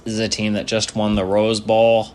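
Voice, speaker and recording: A man's voice: fairly low pitch, monotone, normal speed, darkish tone, slight background noise. A man giving casual, joking commentary over game footage, laid-back and swearing freely. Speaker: sports video commentator.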